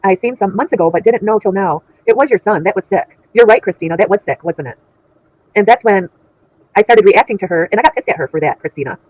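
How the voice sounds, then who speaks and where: A middle-aged woman hosts a casual livestream, reading viewers' chat and reacting with indignation and laughter. Her medium-pitched voice is animated, fast, and darkish in tone, and the recording quality is low.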